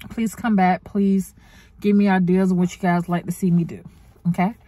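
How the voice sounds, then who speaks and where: A woman speaks straight to her viewers in a heartfelt, faith-filled casual chat, calling them honey and y'all. Her voice is mellow and warm. It sits close to a dry mic with no room sound. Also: fairly low pitch, level tone, moderate pace, no echo. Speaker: vlogger.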